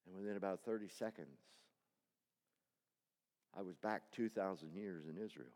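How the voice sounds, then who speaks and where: A man preaching a sermon, moving between loud, intense appeals and quiet, personal storytelling. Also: low voice, moderate pace. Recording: long reverb hall.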